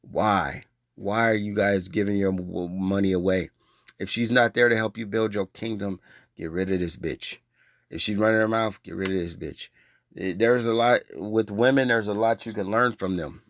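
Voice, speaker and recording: A man's voice: fairly even intonation, moderate pace, no room sound. A man preaching a heated, profane rant, scolding his listeners in a confrontational way. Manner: gets louder and higher when agitated. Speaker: online religious preacher.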